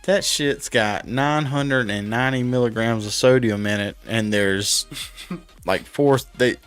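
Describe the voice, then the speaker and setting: A man's voice: medium pitch, measured pace, a bit bright, clean tone. Casual man rambling with faint music. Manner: rambling, laughs often, swears casually. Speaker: stream host. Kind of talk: casual late-night chat.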